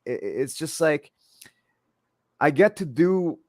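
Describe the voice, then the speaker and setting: A man's voice: a little high, animated, slow pace, darkish tone, no echo, clean studio sound. A man in his forties with a French accent, a jiu-jitsu instructor talking passionately as an interview guest, often repeating and restarting his words. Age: 40s. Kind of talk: casual interview chat.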